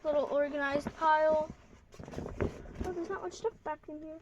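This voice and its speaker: A woman's voice: high voice, steady tone, normal speed, muffled recording, background noise. A woman vlogging at home in her bedroom, chatting casually to viewers and thinking aloud as she sorts toy horses. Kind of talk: casual running commentary while organizing.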